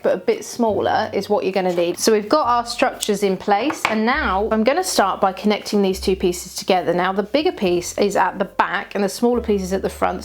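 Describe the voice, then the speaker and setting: A young woman talks through a puppet-making tutorial as she cuts and sews. She gushes about her materials, chatty and excitable, with a pitch that sits in the middle for a woman. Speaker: puppet maker, tutorial host. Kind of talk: crafting tutorial, talking while working.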